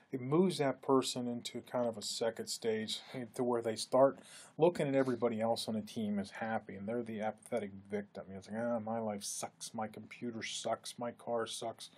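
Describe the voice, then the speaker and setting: Husky-voiced man giving a casual lecture. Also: a little mellow. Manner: conversational, acts out quoted speech with lifted pitch. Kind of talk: recorded lecture.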